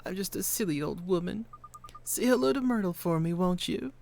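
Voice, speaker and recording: A woman voicing a kindly, gossiping old neighbor in a video game, talking softly and fussily. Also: fairly low pitch, animated, normal speed, a little hiss or hum. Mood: gossipy. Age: older. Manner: soft-spoken, fussy, gossiping.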